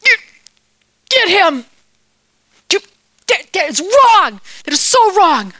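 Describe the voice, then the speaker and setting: A woman puts on a proud king in a children's Bible story who shouts with outrage. The voice is raised high and strained. It is recorded close and dry. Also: expressive, normal speed, dry recording, full character voice. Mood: outraged. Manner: shouting indignantly, dismissive muttering. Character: proud scheming king turned furious, adult man.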